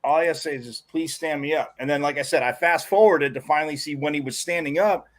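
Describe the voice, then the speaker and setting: Rambling, animated male sports talk co-host. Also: fairly high pitch, fast talker. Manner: rambling, animated storytelling with many restarts. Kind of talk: casual sports talk commentary.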